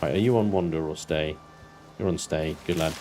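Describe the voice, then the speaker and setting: A man's voice: rumbling low, fairly quick, warm tone. A man in his thirties, chatting casually and swearing freely as he streams a game and answers chat. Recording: clear background noise.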